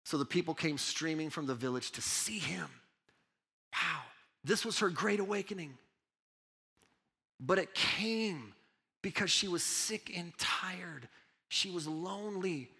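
A man preaching a sermon as pastor, swinging between loud urgent preaching and hushed, intimate asides. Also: sits high, lively intonation, unhurried, pauses often, breathy edge, in a large hall.

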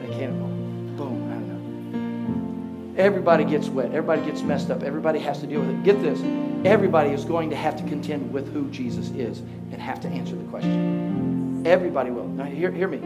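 A man preaching to a congregation, joking with the crowd and building to loud, passionate preaching. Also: fairly high pitch. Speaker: pastor. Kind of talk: sermon.

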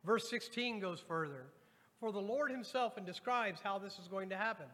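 A man's voice: high-pitched, lively intonation, normal speed, fairly bright tone. A pastor preaching a sermon to his congregation, reading scripture aloud and addressing the people directly. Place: church sanctuary. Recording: long hall reverb.

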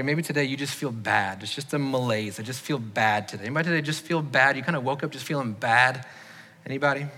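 A male pastor speaks to his congregation in a clear, bright voice and keeps asking who will raise a hand. His tone is earnest and direct. The sound rings out with the long reverb of a large church hall. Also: medium pitch. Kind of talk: sermon. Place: church sanctuary.

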